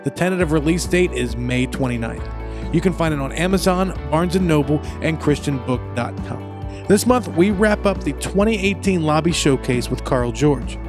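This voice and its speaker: A man opens a podcast with friendly, energetic announcements about events and web addresses. His voice sits a little high for a man. Guitar music plays clearly beneath him the whole time. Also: moderate pace. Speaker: podcast host making announcements. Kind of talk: upbeat promotional announcements.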